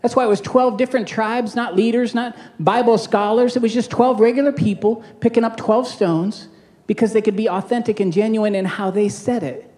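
A man preaching as a pastor in a casual, joking sermon style, with quick asides and call-outs to the congregation. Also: sits high, steady tone, a little mellow.

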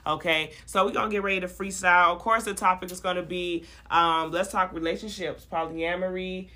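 A young woman hosting a casual podcast, talking in a lively, slangy way and laughing often. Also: fairly low pitch, fairly quick. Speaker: podcast host. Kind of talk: casual podcast chat with freestyle rapping.

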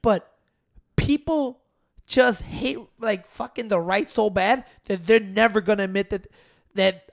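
Very high-voiced man ranting. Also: unhurried, vocal fry. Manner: ranting, opinionated, profane, restarts mid-sentence. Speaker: podcast co-host. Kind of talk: casual chat.

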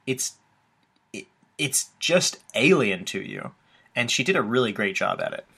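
A man's voice: medium pitch, very animated, measured pace, creaky, bright, forceful tone, slightly rough. A young man co-hosting a podcast, chatting casually in a loose way with lots of filler words and the odd swear. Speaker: podcast co-host. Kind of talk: casual recap chat.

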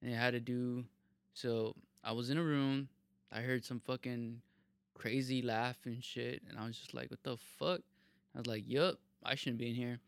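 A young man rambling casually on a podcast, swearing freely and stumbling into restarts as he tells a story. His voice sits at a middling pitch for a man, recorded dry and close. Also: vocal fry, clear, resonant tone, no room sound. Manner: rambling, profane, halting restarts. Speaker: podcast co-host. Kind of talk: casual chat.

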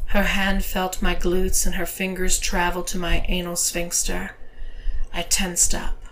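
Woman narrator, erotic audio story, very slow, hushed, drops to whisper, faint hiss. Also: fairly low pitch, monotone, low-quality recording.

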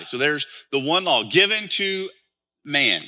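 Bright-voiced man preaching a sermon. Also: a little high, big pitch swings, slow. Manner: explains scripture with frequent rhetorical questions. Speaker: pastor.

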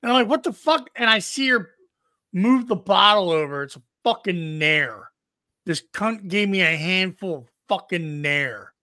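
A man's voice: high-pitched, animated, unhurried, pushed and bright, no room sound, clean studio sound. A man co-hosting a podcast, telling a profane story boisterously and acting out what people said. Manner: profane, boisterous, acts out quotes. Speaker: podcast co-host. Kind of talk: crude comedic storytelling.

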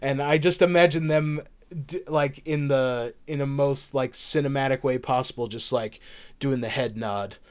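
A man's voice: mid-range voice, fairly even intonation, darkish tone, smooth. A man co-hosting a podcast, chatting casually and rambling through a game's story with lots of fillers. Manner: rambling, many fillers, quotes characters in quick voices. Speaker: podcast co-host. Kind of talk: casual chat recapping a game.

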